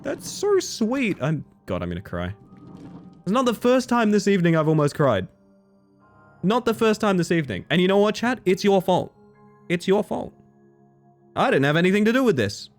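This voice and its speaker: A man streaming live and chatting casually with his viewers, animated, often breaking into high squeals and laughter. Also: brisk, pauses often, soft background music. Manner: chatty, thanks viewers warmly.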